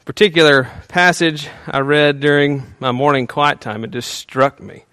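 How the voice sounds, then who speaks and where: A male pastor preaching a sermon in a relaxed, conversational way, with frequent fillers and small chuckles, dropping to a soft, hushed tone when he prays. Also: a little high, moderate pace, clean tone, no echo.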